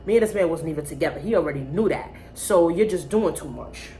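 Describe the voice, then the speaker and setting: A woman vlogger telling a casual storytime, blunt, profane and animated. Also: low voice, quick pace.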